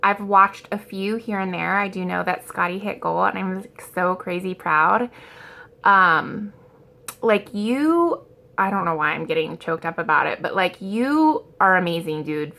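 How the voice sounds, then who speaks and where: A woman's voice: medium pitch, a little slow, creaky, pushed and bright. A woman in her thirties talking casually in a rambling, self-deprecating vlog, full of ums and likes, and scatterbrained by her own account. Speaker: vlogger.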